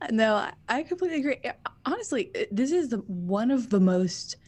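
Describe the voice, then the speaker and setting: A woman co-hosting a podcast, chatting casually in quick bursts with giggles and restarts. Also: fairly high pitch, very animated, a little mellow. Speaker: podcast co-host. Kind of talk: casual chat.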